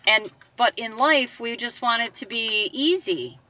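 Woman doing an upbeat motivational talk, bright punchy voice, dry kinda dull recording. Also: fairly high pitch, animated, a little slow, recorded from a distance. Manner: emphatic, acts out quoted voices, conversational. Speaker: motivational speaker. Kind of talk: motivational monologue.

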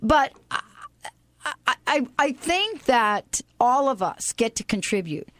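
Animated high-voiced woman radio host. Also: slow pace, no room sound. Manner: animated, playful, sings snatches of songs. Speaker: radio talk show host. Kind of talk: upbeat inspirational radio talk.

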